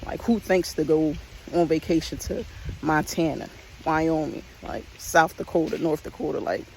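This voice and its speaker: A man's voice: a little high, normal speed, vocal fry, a little hiss or hum, rough recording. A man casually vlogging outdoors while hiking a park trail, rambling and repeating himself, a little out of breath on the hills. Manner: relaxed, rambling, repeats "like" often. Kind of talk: casual walking vlog.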